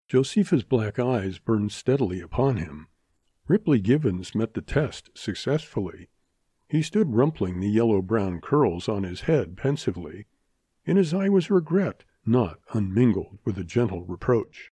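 A man reads a western tale aloud at an even, measured pace, bringing color to the scenes. His voice is dark and husky, recorded close and dry with no room sound. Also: lowish voice, no echo. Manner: measured, expressive. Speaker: narrator. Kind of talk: audiobook story reading.

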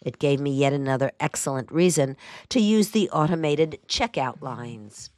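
A woman with a low, deep speaking voice narrates a first-person memoir in a dry, even way. The sound is close and dead, with no room around her. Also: normal speed, no echo. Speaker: audiobook narrator.

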